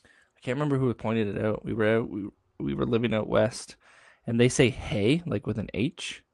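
Canadian guy just chatting on a podcast, mid pitch, laughs a lot, trips over words, dry sound. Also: moderate pace, vocal fry, a little mellow, no room sound. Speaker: podcast host. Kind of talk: casual chat.

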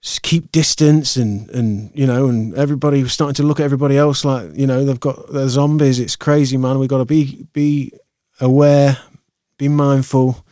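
A man closes out his podcast in a loose, rambling chat full of ums and false starts. His voice is mellow and fairly flat in pitch, recorded dry and close on a podcast mic. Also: moderate pace, few pauses, dry recording. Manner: rambling, chatty, loose, many fillers and restarts. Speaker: podcast host. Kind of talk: casual podcast sign-off. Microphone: podcast microphone.

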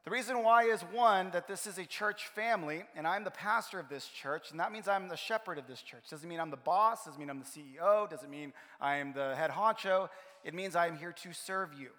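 A man preaching a sermon as pastor of his church, telling stories in an animated way. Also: high-pitched, fairly quick. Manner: animated storytelling, acts out his own frustration. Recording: long hall reverb.

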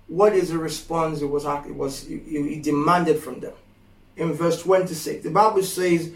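Slow, echoey preacher with a high voice. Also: male voice, creaky. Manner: rising to impassioned shouted pleas; slow, emphatic, repeats phrases. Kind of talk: sermon. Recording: echoey room from far off.

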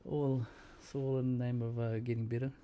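A man's voice: mid-range voice, little pitch movement, brisk, muffled recording, a little hiss or hum. A New man co-hosting a podcast, telling stories in a rambling, casual way with lots of fillers and laughs. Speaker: podcast co-host. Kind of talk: casual chat.

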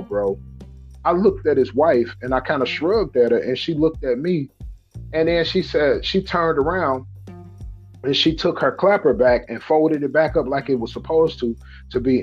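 Man, casual storytelling, animated, husky, dull audio. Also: on the high side. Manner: animated, acts out other people's lines in a raised voice. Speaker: podcast host.

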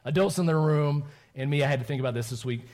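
A male pastor with a somewhat high voice, preaching in a relaxed, playful way. He chats with a child and laughs easily between points. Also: quick pace. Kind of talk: sermon with children's interview.

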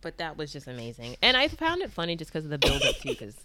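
A woman's voice: low voice, quick pace, a crowd in the background. A young woman co-hosting a casual podcast, talking playfully and teasing her co-host. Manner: playful, laughs often, lively teasing. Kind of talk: casual chat.

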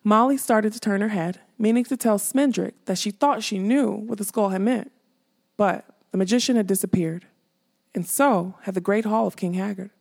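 Brief: female fantasy audiobook narrator, even and steady, slight vocal fry. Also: mid-range voice, moderate pace. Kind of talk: scripted narration.

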